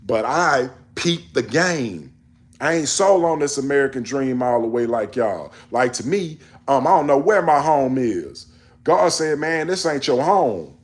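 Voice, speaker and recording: A man's voice: mid-range voice, expressive, a little slow. A man in a casual monologue on world events, emphatic and preachy, scolding his listeners in slangy speech. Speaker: commentator.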